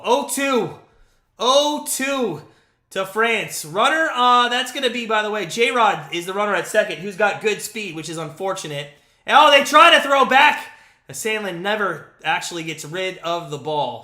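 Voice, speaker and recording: A man in his late thirties doing live fan play-by-play, excitable and out of breath, swinging between hyped calls and grumbling. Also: high voice, unhurried, reverberant. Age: 30s. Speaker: live stream play-by-play host.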